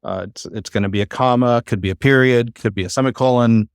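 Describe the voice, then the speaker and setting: A man teaching a class, talking in a relaxed, halting way with many fillers and restarts. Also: medium pitch, clean tone, no echo, studio quality. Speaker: Bible Hebrew teacher.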